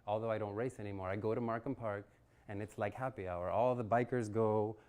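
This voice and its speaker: A man's voice: lowish voice, steady tone, a little fast, a little mellow. A man in his forties telling a personal story at a networking event, acting out quotes and laughing often. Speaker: guest speaker. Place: event venue.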